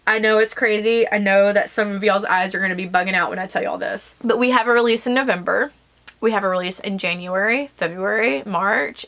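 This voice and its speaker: A woman's voice: mid-range voice, fairly bright tone. A young woman, an author talking earnestly and emotionally to her viewers in a rambling casual vlog. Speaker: self-published author and vlogger.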